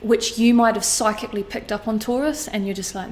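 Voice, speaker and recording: A woman giving an intuitive astrology reading to camera, animated and blunt, swearing casually as she talks. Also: on the high side, brisk, few pauses. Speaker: astrology tarot reader.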